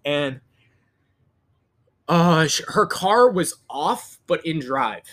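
A young man with a bright, forward voice pitched a little high, swearing freely as he rambles through a story. He is co-hosting a casual podcast chat and keeps restarting his sentences mid-thought. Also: lively intonation, drawn-out words. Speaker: podcast co-host.

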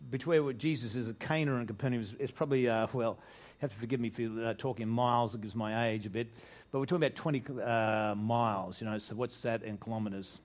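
An older man preaches a conversational sermon to his church congregation at a quick pace, barely pausing. His medium-pitched voice holds fairly even intonation as he restarts phrases and asks rhetorical questions.

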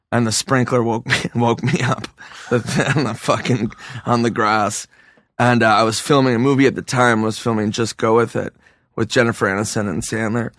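A man's voice: mid-range voice, a bit bright, dry recording, clean studio sound. A hungover man, a comedian guest, telling loose, profane stories in a casual podcast interview. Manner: loose, profane storytelling with restarts.

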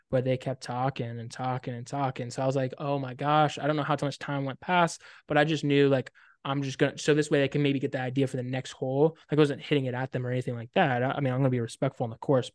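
A young man co-hosting a podcast, telling a story in casual chat with lots of "like" and sudden excited bursts. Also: mid-range voice, no echo, clean studio sound. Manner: animated, loud bursts when reliving excitement, frequent "like". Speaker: podcast co-host.

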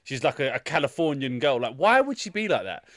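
A man's voice: medium pitch, big pitch swings, fairly quick, fairly bright tone, no room sound. Guy on a podcast, stumbles and restarts a lot, dry close sound. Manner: rambling, stammering restarts, crude jokes. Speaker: podcast co-host. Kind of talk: casual chat.

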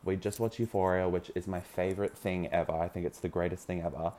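A man's voice: low-pitched, fairly even intonation, fast talker, mellow. A man, telling a dating story in a dramatic, gossipy way with lots of swearing. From Australia. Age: early 20s. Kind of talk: casual gossipy chat.

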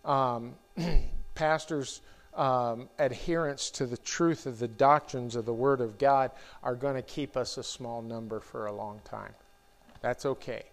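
A middle-aged man preaching a sermon in a church, talking in a slow, halting way with many restarts and fillers. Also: medium pitch. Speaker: pastor.

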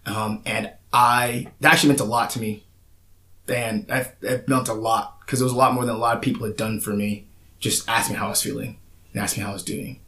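A man's voice: on the low side, little pitch movement, a little fast, bright, forceful tone. A man earnestly and reflectively recounting his own experiences in a casual conversation, with frequent "like" fillers. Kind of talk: casual personal account.

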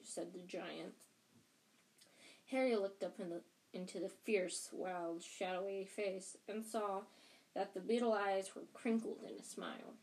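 Woman amateur audiobook reader, middle pitch; casual, unpolished read with restarts. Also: a little slow, darkish tone. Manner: plain, unpolished reading with restarts. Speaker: audiobook reader and podcast host.

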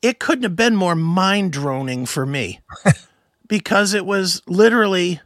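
A man co-hosting a show, telling a story in casual chat, animated and swearing, acting out other voices. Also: high voice, unhurried, no room sound, clean studio sound. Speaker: podcast co-host.

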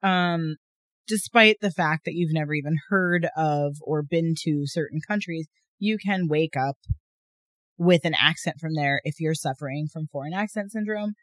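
A woman co-hosting a podcast in casual chat, talkative and quick to laugh, with lots of fillers. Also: sits low, dry recording. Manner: chatty, laughs often, many fillers. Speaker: podcast co-host.

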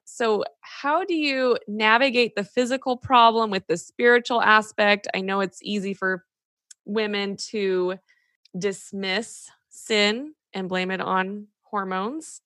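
Woman host asking a careful question, dry close mic, mid pitch. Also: slow pace, a bit bright, no echo. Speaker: interviewer. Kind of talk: interview question.

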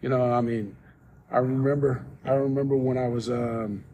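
A man as a podcast guest, telling a personal story in casual talk, soft-spoken and rambling with many restarts. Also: mid-range voice, steady tone, normal speed, slight background noise.

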